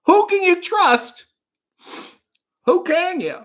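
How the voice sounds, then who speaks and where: A man putting on a jittery, high-voiced crooning impression and singing a love song in a wavering, nasal voice. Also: lively intonation, takes it slowly, a bit bright, heavily acted.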